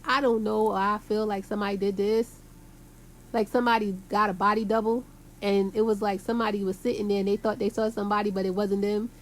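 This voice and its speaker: A woman from Brooklyn, talking to her viewers in a rambling, emphatic way full of street slang and cursing. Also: medium pitch. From Brooklyn, New York. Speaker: vlogger. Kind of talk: casual rambling monologue to camera.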